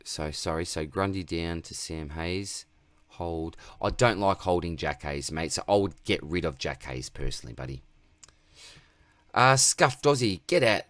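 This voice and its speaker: A man's voice: deep voice, lively intonation, measured pace, fairly bright tone, dry recording. A man with an Australian accent hosting a casual livestream Q&A, reading viewer questions aloud and answering in a laid-back way, calling everyone mate. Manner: laid-back, reads chat aloud, says mate constantly.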